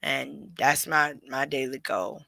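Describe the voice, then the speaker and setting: Bright, emphatic woman podcast host. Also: very deep voice, flat delivery, takes it slowly, creaky, dry recording. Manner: emphatic, preachy, addresses listeners directly. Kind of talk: solo podcast talk.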